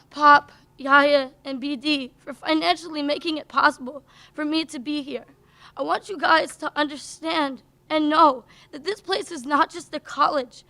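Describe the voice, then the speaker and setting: A woman's voice: sits high, sharp tone. A young woman giving a heartfelt commencement thank-you speech as a graduating student, working through a list of names. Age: young adult. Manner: heartfelt, lists names one after another. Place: college commencement stage.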